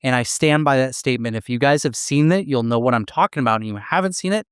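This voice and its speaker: An eager American man co-hosts a casual podcast and explains ideas with clear enthusiasm. His voice is smooth and resonant, and the recording is dry and close to the mic. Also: medium pitch, fast talker, dry recording. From USA. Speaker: podcast co-host.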